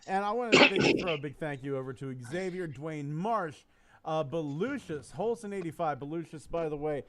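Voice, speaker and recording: A man's voice: fairly high pitch, normal speed. A man hosting a casual podcast, talking in a rambling way with frequent restarts. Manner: rambling, animated, trailing off and restarting. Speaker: podcast host. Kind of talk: casual chat.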